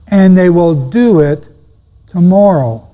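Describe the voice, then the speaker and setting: A man teaches Bible prophecy slowly in a high-pitched, dark-toned voice, emphatic as he repeats key phrases and quizzes the seated audience. The recording has the long reverb of a hall.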